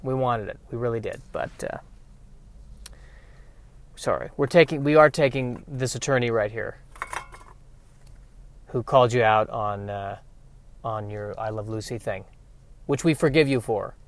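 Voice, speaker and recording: A man's voice: medium pitch, unhurried, pauses often, pitched below the performer's own voice, natural voice. A man voicing an alien who keeps apologizing as it turns someone down. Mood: apologetic. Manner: regretful, over-apologetic. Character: apologetic alien speaking for its group.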